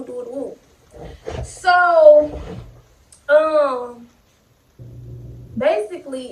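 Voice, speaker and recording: A young adult woman telling a story in a casual, animated, profane way, speaking straight to her viewers. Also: high voice, slight background noise. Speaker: vlogger. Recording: roomy sound, distant mic.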